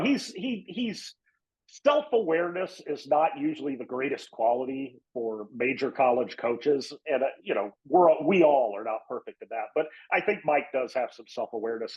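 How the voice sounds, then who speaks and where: A man, a regular guest on a sports podcast, telling an anecdote in an animated way, laughing and restarting often. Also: mid-range voice. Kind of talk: casual podcast storytelling. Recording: muffled, lo-fi audio.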